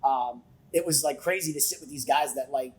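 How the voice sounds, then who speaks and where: A man on a podcast as a guest, telling stories in an animated way with lots of swearing. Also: mid-range voice, a little fast, poor audio. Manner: animated, profane storyteller who acts out quotes. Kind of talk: casual storytelling chat.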